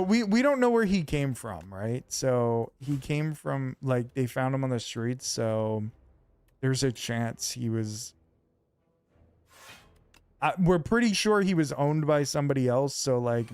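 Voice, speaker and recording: A man streaming a video game, chatting casually with his viewers in a loose, rambling way full of fillers. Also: medium pitch. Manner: rambling, relaxed, lots of fillers.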